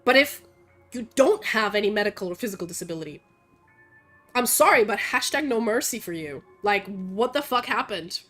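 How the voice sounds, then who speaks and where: A young woman streamer ranting casually in a blunt, profane, animated way, full of fillers, speaking into a desk mic at home. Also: medium pitch, normal speed, soft background music. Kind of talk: casual opinionated rant while gaming.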